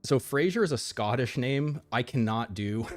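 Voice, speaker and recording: A man's voice: medium pitch, animated, normal speed, soft background music. An American man giving casual, rambling game commentary, laughing often and restarting his sentences. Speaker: streamer.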